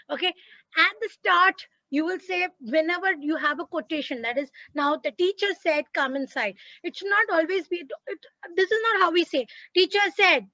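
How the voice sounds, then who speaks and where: A woman with an Indian English accent, teaching a grammar lesson in an emphatic manner and often checking "Clear?" as she goes. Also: high voice, bright, forceful tone, no echo, lo-fi sound.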